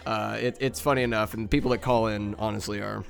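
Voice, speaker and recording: Dude from norcal doing a rambly crude comedy podcast, laughs a lot. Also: male voice, lowish voice, steady tone, fairly quick, vocal fry, soft background music. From Northern California. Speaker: podcast host.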